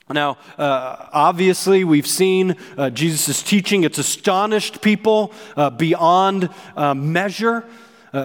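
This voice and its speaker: A man's voice: high-pitched, in a large hall. A man preaching a sermon in an earnest, emphatic way, with frequent fillers and restarts. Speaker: pastor.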